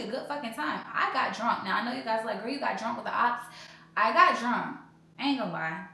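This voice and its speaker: A young woman, casually telling her own breakup story as a podcast host, blunt and profane, jumping into high loud voices when she quotes others. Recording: very echoey room, faint background noise.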